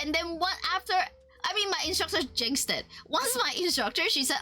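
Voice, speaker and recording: High animated woman streamer. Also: fairly quick. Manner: animated storytelling, laughs often, voices quotes. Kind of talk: casual chat while drawing on stream.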